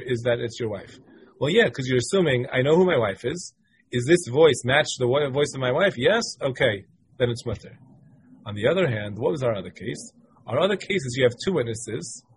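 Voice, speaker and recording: A man's voice: mid-range voice, breathy edge. A man teaching a Talmud class, reading passages from the text, translating them and explaining step by step with many repeated phrases.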